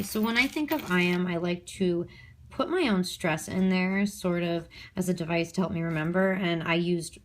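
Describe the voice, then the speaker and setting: Woman teacher, lowish voice, recorded review lesson, explains step by step, checks in with okay.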